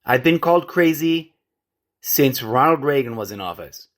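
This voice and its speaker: This podcast host has a mid-range, animated voice and speaks at a moderate pace. Alone on the mic, he wanders off on rants and tangents, corrects his own wording, and addresses his audience as folks and friends.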